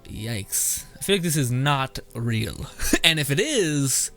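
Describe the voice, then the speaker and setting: A man's voice: mid-range voice, sing-song, slow pace, fairly bright tone, faint music behind. A man streaming his reactions to memes in a casual, blunt, swear-filled way, laughing often. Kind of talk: casual commentary.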